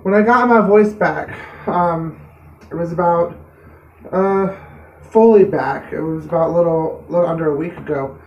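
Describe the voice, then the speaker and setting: A woman's voice: on the low side, moderate pace, highs cut off, a little hiss or hum. A woman vlogger telling a personal story to camera in an earnest, plain-spoken way. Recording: roomy, distant mic.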